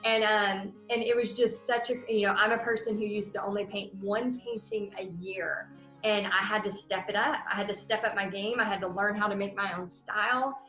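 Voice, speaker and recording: A woman's voice: mid-range voice, normal speed. Chatty woman telling a story in an echoey room. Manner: chatty, animated, many fillers like "um" and "you know". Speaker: paint party business coach. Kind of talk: casual storytelling monologue. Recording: roomy echo with faint music.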